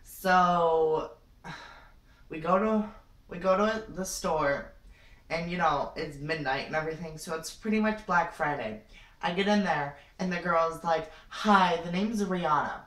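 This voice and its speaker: Slow, rambling young woman in a roomy room. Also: sits low. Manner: rambling, dramatic, full of "like" and "you know". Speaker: vlogger. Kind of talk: improvised comic story time. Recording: roomy, distant from the mic.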